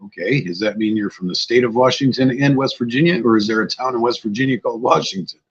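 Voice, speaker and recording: An older man hosts a casual livestream from an outdoors-like spot at home, tired and a bit scatterbrained as he chats loosely with viewers. His mid-range voice is husky and he talks fast, though the audio is dull.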